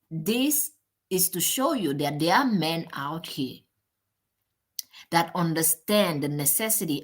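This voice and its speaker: A woman host giving slow, deliberate closing remarks to her viewers, addressing them as ladies in an encouraging tone. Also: lowish voice, a bit bright, breathy edge.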